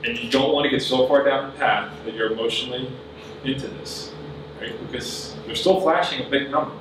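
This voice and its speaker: An earnest man gives straight business advice to a conference crowd. His voice sits at an ordinary middle pitch. It comes from a distance in a very reverberant hall, with a steady hum of noise underneath. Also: fairly quick. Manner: earnest, plain-spoken, advising the audience directly. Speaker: conference speaker. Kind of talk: business talk at a summit. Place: large conference room. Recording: very echoey hall, voice from far off, audible noise.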